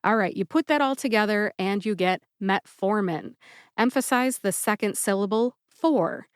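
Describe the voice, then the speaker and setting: A woman hosting a pharmacist's podcast, speaking deliberately and spelling out syllables in a scripted educational style. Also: mid-range voice, clean tone, dry recording, studio quality. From United States.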